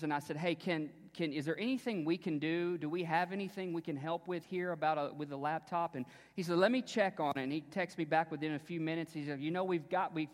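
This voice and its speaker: A pastor, his voice sitting a little high for a man, preaches in a church sanctuary where long reverb trails after each phrase. He moves from easy, conversational storytelling to rising, emphatic declarations. On key phrases he drops to a hushed near-whisper. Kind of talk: sermon.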